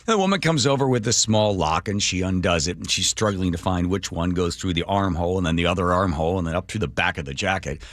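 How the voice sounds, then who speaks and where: Middle-aged radio host guy telling a story, lowish voice, dry studio mic, wry and lively. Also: fast, hardly any pauses, no room sound. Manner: animated, wry anecdote-telling. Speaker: radio talk show host. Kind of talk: casual storytelling monologue. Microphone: studio microphone.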